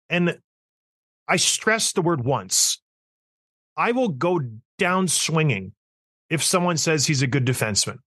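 A man's voice: on the high side, lively intonation, a little slow, long pauses, a bit bright, dry recording, studio quality. Ranting man with a raised voice. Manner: blunt, emphatic, ranting and teasing. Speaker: podcast host. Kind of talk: casual opinionated rant.

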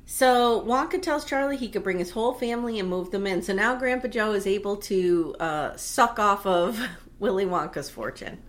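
A woman co-hosting a casual chat, retelling a movie with lively acted-out voices and frequent swearing. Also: medium pitch, moderate pace. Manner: animated storyteller acting out movie scenes, swears freely. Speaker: podcast co-host.

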